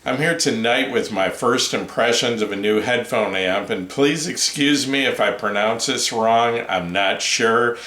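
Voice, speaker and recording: A man hosting his own headphone review channel, talking through a new amp in an unhurried, hesitant way with many ums and uhs. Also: medium pitch, bright, forceful tone, reverberant. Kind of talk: casual product review talk.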